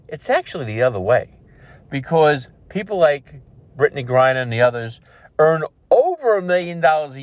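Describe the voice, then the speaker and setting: A man's voice: mid-range voice, no room sound. A man hosting an opinion show, ranting bluntly and sarcastically about a news story. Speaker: show host. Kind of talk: opinion commentary.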